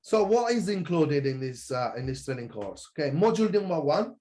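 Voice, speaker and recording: A man coaching online business pitches his course with passionate energy, talking a little fast and regularly fixing his own words.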